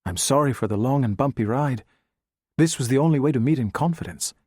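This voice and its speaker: A man reading the part of a suave, calm middle-aged Chinese spymaster who speaks with a Spanish accent, soft and unhurried. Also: medium pitch, breathy edge, dry recording, clean studio sound. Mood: courteous.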